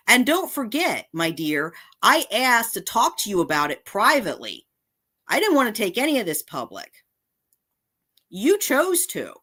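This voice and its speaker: A woman's voice: mid-range voice, bright, forceful tone. A woman vlogger delivering an angry, confrontational rant straight to camera, indignant and repeating her points. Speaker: cat channel vlogger.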